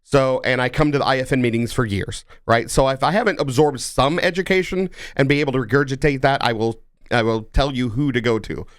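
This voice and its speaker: A man's voice: mid-range voice, brisk, hardly any pauses, dry recording. A man, the guest, chatting in a studio in a rambling way with many restarts. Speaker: guest, film network president. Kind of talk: casual studio chat.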